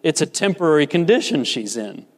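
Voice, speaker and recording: Preacher with hall reverb. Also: male voice, sing-song, brisk. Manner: dramatic swings between rising emphasis and hushed low asides. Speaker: pastor. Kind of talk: sermon.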